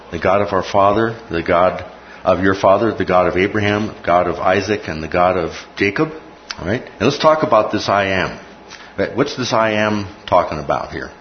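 Deep-voiced man teaching a Bible class. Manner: repeats key phrases, checks in with "okay?". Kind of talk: classroom lecture with questions. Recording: muffled recording with faint noise.

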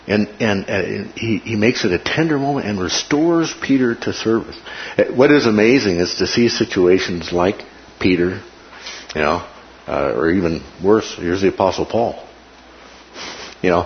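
A man hosting a casual Bible discussion, animated and laughing often as he acts out quotes. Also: fairly low pitch, normal speed. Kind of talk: casual Bible study chat. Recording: dull lo-fi room recording with noise.

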